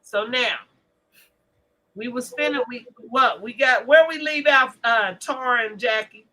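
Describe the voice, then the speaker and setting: A woman hosting a podcast, chatting loudly with lots of laughter and profanity. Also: fairly high pitch, a little slow, rough recording. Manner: loud, laughing, profane banter. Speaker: podcast host. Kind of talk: casual chat.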